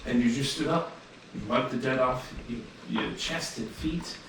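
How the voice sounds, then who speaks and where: A man's voice: medium pitch, normal speed, vocal fry, natural voice. Man voicing female guild captain, teasing, coaxing, tabletop game, roomy echo, distant mic. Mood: encouraging. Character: tough-loving female guild captain, teasing older sister. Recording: echoey room, distant mic, noisy.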